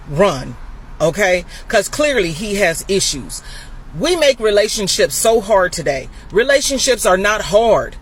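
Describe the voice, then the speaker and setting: A woman's voice: mid-range voice, slight background noise. A woman giving casual reaction commentary. She sounds motherly and preachy and keeps calling her listeners baby.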